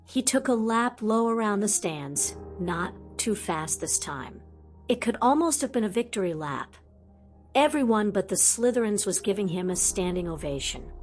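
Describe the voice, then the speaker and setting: A woman reading a fantasy audiobook aloud in a lively storytelling manner. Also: medium pitch. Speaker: audiobook narrator. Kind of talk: scripted audiobook narration.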